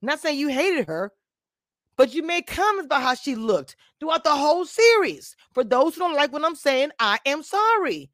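A woman's voice: high-pitched, big pitch swings, moderate pace, fairly bright tone, dry recording, clean studio sound. Blunt woman giving a frank show review. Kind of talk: casual live-stream commentary.

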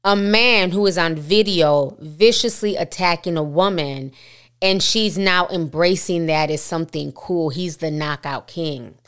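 Woman, vlog host, commentary, low voice, smooth tone, talks to the viewers. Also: a little slow, a bit bright. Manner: conversational, addresses viewers directly.

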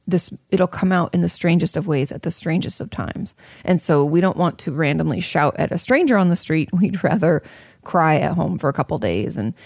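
A woman's voice: fairly low pitch, creaky, darkish tone, dry recording, studio quality. A woman therapist talking casually to her audience, reassuring and chatty, with many fillers and restarts. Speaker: therapist answering audience questions. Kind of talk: casual advice talk.

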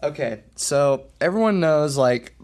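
A young man co-hosting a podcast, telling a story in a casual, animated way with lots of fillers. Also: measured pace. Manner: animated, lots of fillers, acts out quotes with big pitch jumps. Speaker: podcast co-host.

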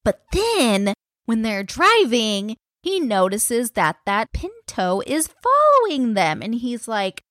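A woman's voice: fairly high pitch, wildly swooping pitch, slow pace, fairly bright tone, dry recording, clean studio sound. A woman co-hosting a podcast, casually retelling a true-crime case in a chatty, filler-heavy way and swearing freely. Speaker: podcast co-host.

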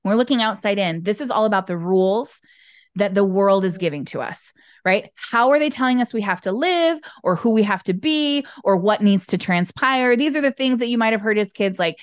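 A middle-aged woman guest on a podcast, telling a story casually and with animation, jumping up in pitch to act out childhood voices. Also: lively intonation, moderate pace, no echo, studio quality. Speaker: podcast guest, business owner.

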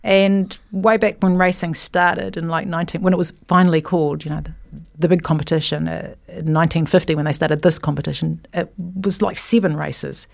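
A woman talking casually about motor racing, chatty and animated, jumping between asides. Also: low voice, brisk, vocal fry, dry recording, clean studio sound. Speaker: guest commentator.

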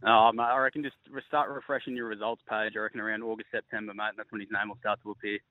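A man's voice: lowish voice, level tone, fast, no room sound. An Australian man, a football coach, chatting casually as a phone-in guest, rambling along loosely. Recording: tinny phone line.

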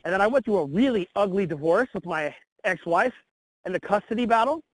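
High-voiced, blunt man telling his story. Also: a little fast, no echo, poor audio. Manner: blunt, energetic, casual swearing. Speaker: guest. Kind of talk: candid interview storytelling.

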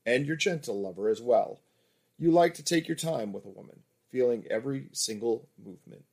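A man's voice: mid-range voice, a little mellow, close to an everyday voice. A man voicing a confident, seductive, experienced woman lover in an erotic audiobook, in a teasing, coaxing manner.

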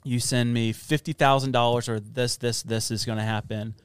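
A man's voice: medium pitch, fairly even intonation, moderate pace, smooth, dry recording. A man from Florida hosting a casual podcast, rambling with lots of fillers while telling stories. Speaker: podcast host. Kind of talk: casual chat.

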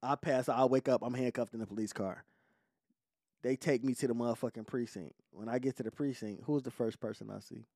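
Give me an animated male podcast host telling a raw story, dry and close. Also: medium pitch, brisk, dry recording. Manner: animated, profane storytelling with shifting voices. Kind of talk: casual storytelling chat.

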